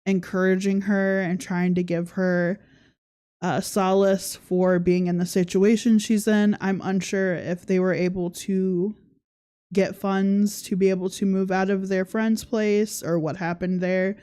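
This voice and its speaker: A woman hosts a casual livestream, with sarcastic commentary broken up by frequent laughter. Her voice is mellow and warm, sitting at an ordinary middle pitch. She reads viewer comments aloud in an easygoing way. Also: little pitch movement, measured pace, clear, resonant tone. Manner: sarcastic, laughs often while talking. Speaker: podcast host.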